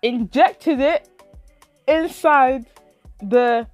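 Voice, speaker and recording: A woman's voice: high-pitched, drawn-out words, a little mellow, no room sound, faint music behind. A young woman telling a story to her vlog audience, dramatic and swearing, acting out her own reactions. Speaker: YouTube vlogger. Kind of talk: animated storytime retelling.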